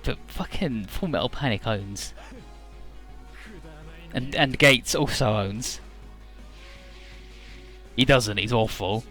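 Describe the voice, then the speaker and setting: A man giving casual, rambling gameplay commentary in a low-key, mumbly way. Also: takes it slowly, long pauses, fairly bright tone, soft background music. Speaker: let's play host.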